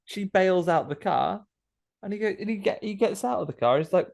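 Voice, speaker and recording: A man's voice: sits high, lively intonation, fairly quick, gravelly, darkish tone. A British man co-hosting a podcast, recapping a film in a wry, slangy casual chat. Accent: British English. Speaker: podcast co-host.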